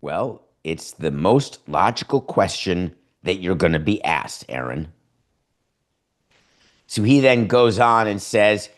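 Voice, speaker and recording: A man's voice: sits low, animated, slow. A man hosting a sports podcast, giving sarcastic opinions full of rhetorical questions and acted-out imagined dialogues.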